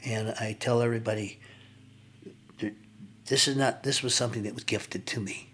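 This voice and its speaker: An older man, a podcast guest, telling his personal recovery story in an earnest, reflective way with frequent pauses. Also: medium pitch, fairly even intonation, fairly bright tone, a little hiss or hum.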